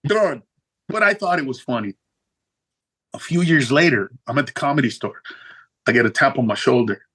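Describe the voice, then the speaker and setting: Husky-voiced man telling a comedy story. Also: moderate pace, poor audio. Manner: animated, profane, jumps high in pitch for punchlines. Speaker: guest comedian. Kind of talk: storytelling in a casual interview.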